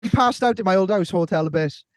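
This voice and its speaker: A man's voice: high voice, fast talker. A man co-hosting a casual podcast who laughs often, swears and tells rowdy party anecdotes. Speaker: podcast co-host. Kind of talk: casual chat.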